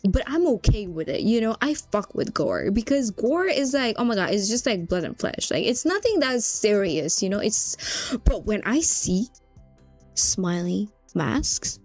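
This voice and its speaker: A young woman vlogging about a horror game in casual chat, animated, swearing often and saying "like" a lot. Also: medium pitch. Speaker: gaming vlogger.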